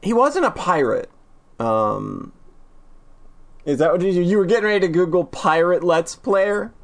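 A woman in casual chat as a podcast co-host, playful and animated, often stammering when excited. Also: lowish voice, a little slow.

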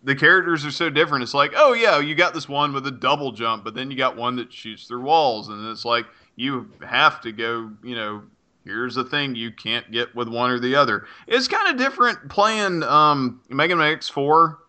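A man's voice: medium pitch, normal speed, sharp tone. A man chatting casually about games on a podcast, rambling and swearing offhandedly. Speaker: podcast co-host. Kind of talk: casual game review chat.

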